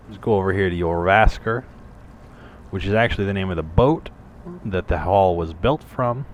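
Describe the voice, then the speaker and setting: Low-voiced guy for loose, profane let's-play commentary, wandering off on tangents, faint hiss underneath. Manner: rambling, profane, jokey asides. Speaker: gameplay commentator. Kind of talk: casual gameplay commentary.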